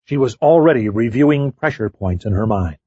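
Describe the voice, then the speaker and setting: A man reading a mystery audiobook in measured, scripted narration. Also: mid-range voice, animated, warm tone, slightly rough, no echo, highs cut off.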